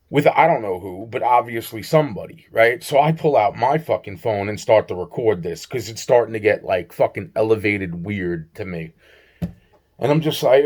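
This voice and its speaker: A man's voice: medium pitch, a little mellow. Man vlogging, rambling storytime, swears a lot, repeats words, acts out quotes. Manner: profane, rambling, repeats himself, acts out dialogue.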